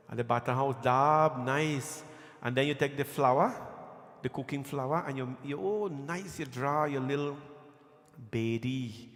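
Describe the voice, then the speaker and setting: A man giving a devotional sermon in a temple, telling stories in a folksy, conversational way with repeated phrases. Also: mid-range voice. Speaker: preacher leading a scripture reading. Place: temple hall. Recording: echoey temple hall with long reverb.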